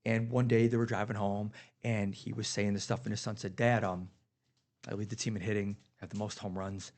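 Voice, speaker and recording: A man's voice: fairly low pitch, little pitch movement, a little fast, darkish tone. A man on a podcast telling heartfelt stories about his kids in casual chat, getting emotional. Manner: earnest, emotional storytelling. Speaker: podcast guest.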